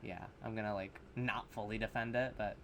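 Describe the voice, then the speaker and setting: This man rambles through a horror review as a reaction vlogger, full of fillers, swearing and sarcasm. His lowish voice is creaky and a bit bright, a little fast, with fairly even intonation. The camera mic adds a slight hiss or hum.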